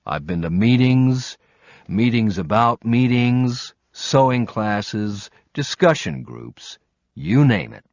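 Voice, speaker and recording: A man's voice: medium pitch, sing-song, takes it slowly, gravelly, darkish tone, dry recording, pitched above the performer's own voice, full character voice. A man voicing a frazzled male ex-soldier and single father who complains and swears, on slightly muffled audio. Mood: exasperated. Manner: exasperated, swearing.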